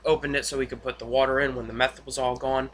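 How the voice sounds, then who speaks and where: A man giving a casual, rambling spoken recap of a TV episode, full of fillers and excited asides. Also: medium pitch, fast talker. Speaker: TV episode reviewer.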